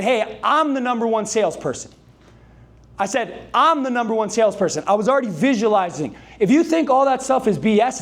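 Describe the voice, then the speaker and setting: A man giving an energetic motivational speech to a live sales team, calling on the audience to answer and repeat after him. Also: extremely high pitch. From Canada. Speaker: sales trainer. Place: dealership meeting room with a live audience.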